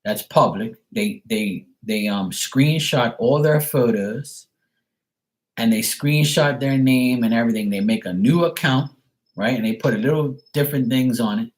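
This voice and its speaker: A man's voice: medium pitch, measured pace. Man, tarot reader, live-stream rant, blunt, exasperated, heavy swearing.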